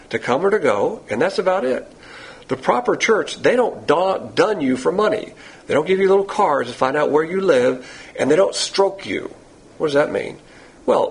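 A male preacher with a gravelly, husky voice that sits a little high for a man. He teaches in a blunt, emphatic way, asking rhetorical questions and knocking down the answers. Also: low-quality recording. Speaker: pastor teacher. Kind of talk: sermon.

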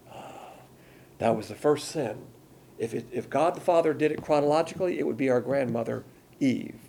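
An older man delivers a sermon in an easygoing, conversational teaching style, often posing questions and then answering them. His voice is gravelly and a little husky, with a mellow, dark tone and a pitch that climbs and dips freely. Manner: conversational preaching with rhetorical questions. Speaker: Bible teacher.

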